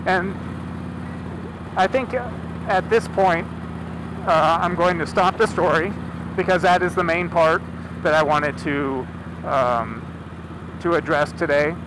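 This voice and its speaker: A man's voice: fairly high pitch, slow, long pauses. A man casually retelling a myth from inside a car, rambling with chatty asides. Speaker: storyteller. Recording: car engine noise behind.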